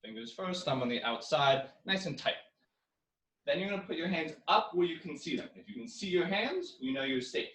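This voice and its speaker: A man's voice: a little high, expressive, normal speed. Young male karate coach, echoey room. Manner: coaching, counting drills with loud yells. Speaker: karate instructor. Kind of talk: online exercise class. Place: living room. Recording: echoey room, far from mic.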